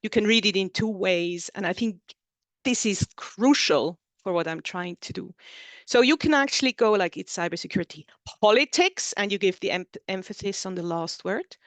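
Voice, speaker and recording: A woman whose first language is German presents her book in an online seminar. She explains her argument step by step in lists, in a voice of middling pitch. The sound is dry and close, as over a video call. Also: moderate pace, no room sound. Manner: explanatory, builds points in lists.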